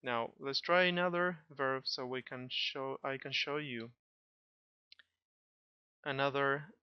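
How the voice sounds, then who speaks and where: Male teacher, patient grammar explanation, smooth voice, dry close sound, slightly lo-fi. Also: medium pitch, steady tone, slow, no echo. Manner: patient, checks understanding with frequent "okay?". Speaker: Spanish teacher.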